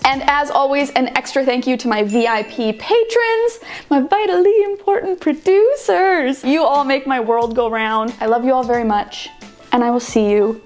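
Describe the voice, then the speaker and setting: A woman's voice: high-pitched, animated, moderate pace, darkish tone, faint music behind. A woman hosting a casual chat who laughs often and explains ideas with worked examples. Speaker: host.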